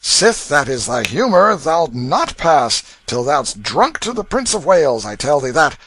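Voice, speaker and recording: A man's voice: a little high, very animated, measured pace, fairly bright tone, slight background noise, voice pushed up. A man playing a burly, boisterous drunk boatman. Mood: blustering. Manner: blustering, swaggering, archaic speech.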